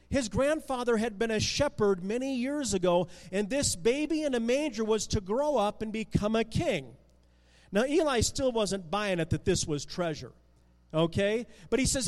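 A man telling a Bible story to children in a chatty, animated way, often restarting words, in a room with long reverb. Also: extremely high pitch, unhurried. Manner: animated, conversational, with repeated restarts.

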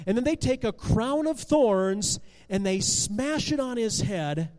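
Expressive male storyteller, high voice, echoing. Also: slow. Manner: expressive, with restarts and swings in loudness. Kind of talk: dramatic Bible storytelling.

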